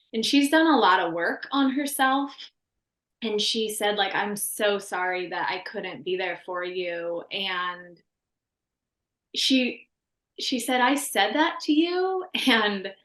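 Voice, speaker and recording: A woman's voice: medium pitch, a bit bright, roomy sound. A woman in her thirties earnestly sharing a personal story as a podcast guest, rambling with many restarts.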